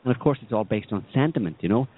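A man's voice: medium pitch, lively intonation, fast. A man co-hosting a podcast, ranting sardonically about politics and the economy, rambling with many restarts. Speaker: podcast co-host. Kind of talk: opinionated political chat. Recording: tinny phone-like sound.

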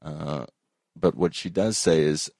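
A man hosting casual commentary, talking with many ums and uhs and pausing often. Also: very deep voice, gravelly, darkish tone, no room sound, clean studio sound.

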